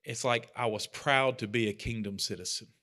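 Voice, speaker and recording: A man's voice: mid-range voice, fairly even intonation, moderate pace, bright, forceful tone. A man leading a church study group, talking casually and earnestly, with self-deprecating asides. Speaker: bible study leader. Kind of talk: casual teaching talk.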